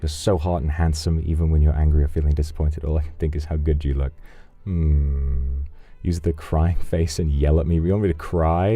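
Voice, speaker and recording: Man, extremely low voice, dark mellow tone, flirty relaxed chat. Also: moderate pace, soft background music. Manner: flirtatious and teasing; relaxed, rambling, with fillers. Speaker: streamer. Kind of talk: casual chat reading out donations.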